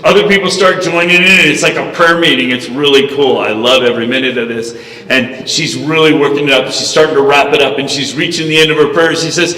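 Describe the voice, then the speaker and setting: Guy giving a fired-up talk, kinda high, bright voice, echoey hall far from the mic. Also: quick pace, very noisy. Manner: animated storyteller, preachy. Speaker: speaker. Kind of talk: storytelling speech.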